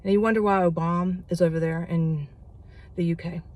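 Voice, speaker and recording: Solo vlogger, middle pitch, excitable rambling delivery. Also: brisk. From United States. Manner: excitable, gets worked up, rambling. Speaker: prediction vlogger. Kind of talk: casual solo monologue.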